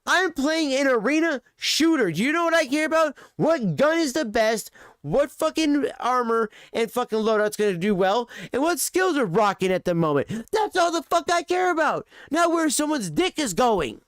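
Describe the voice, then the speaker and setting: A man's voice: very high voice, big pitch swings, normal speed, a bit bright, clear, resonant tone, no echo, clean studio sound. A man streaming live, ranting in casual, profane, rambling chat.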